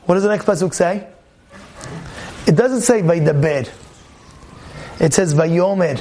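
A rabbi giving a sermon on the weekly Torah portion. He is emphatic, repeats phrases, asks rhetorical questions, and shifts between loud outbursts and low asides. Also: a little slow, pauses often.

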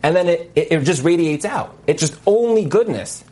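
A man teaching as a marriage coach in a lecture over a video call, telling stories with lively asides and many fillers. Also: fairly high pitch, normal speed. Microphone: video call mic.

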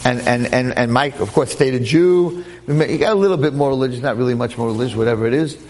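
A man lecturing and telling a story with lively jokes and frequent restarts, speaking to listeners in a room. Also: mid-range voice, fast, big-room sound. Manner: animated, repetitive restarts, joking. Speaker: Jewish lecturer.

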